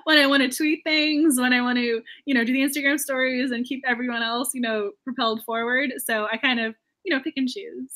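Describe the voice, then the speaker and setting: A woman's voice: high voice, fairly even intonation, fairly quick, hardly any pauses, fairly bright tone. A woman hosting a writing live stream, gushing and emotional, full of fillers and laughter. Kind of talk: casual live-stream chat.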